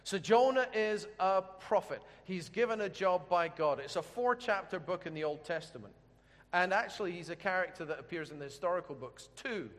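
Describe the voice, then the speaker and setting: A man's voice: sits high, lively intonation, moderate pace. A man preaching a sermon in a chatty, humorous storytelling way, asking his audience questions as he goes. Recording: echoey hall reverb.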